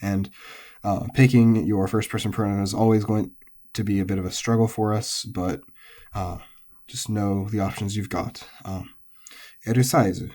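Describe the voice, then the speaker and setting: Man, language teacher, mellow, unhurried, um-filled explanations. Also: on the low side. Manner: relaxed, explains step by step with many ums and uhs. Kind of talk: recorded pitch-accent lesson.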